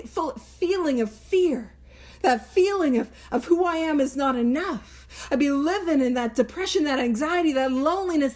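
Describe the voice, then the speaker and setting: A woman with a high voice leads a recovery book study over a video call. She reads short passages aloud and unpacks them in a chatty, self-mocking way. She often drifts into tangents before coming back to the text. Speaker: Big Book study leader. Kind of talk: recovery study talk, reading and explaining text.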